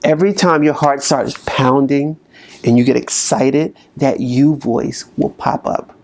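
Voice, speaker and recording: A man speaking as a motivational speaker, slowly coaching listeners through a guided exercise. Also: mid-range voice, creaky, darkish tone. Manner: slow, coaching delivery with long pauses.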